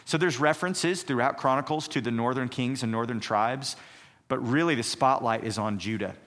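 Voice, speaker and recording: Man, Bible teacher, earnest lesson, rhetorical questions, mid-pitched voice. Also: moderate pace, a bit bright. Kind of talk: recorded Bible survey lesson.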